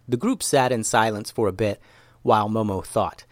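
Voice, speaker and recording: A man narrating a children's story in an expressive, animated reading. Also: on the low side, moderate pace, no room sound.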